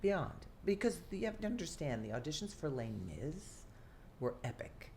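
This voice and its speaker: An older woman, an actress telling a lively story from her career in an interview, often acting out what people said. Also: low voice, moderate pace, a little hiss or hum. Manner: animated, theatrical storyteller who acts out quotes. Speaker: guest actress.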